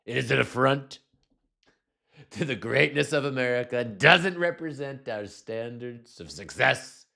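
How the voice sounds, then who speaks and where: A man putting on an impression of a pompous older male politician, with blustery, drawn-out emphasis. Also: mid-range voice, lively intonation, creaky, pushed and bright, voice pushed up, exaggerated voice.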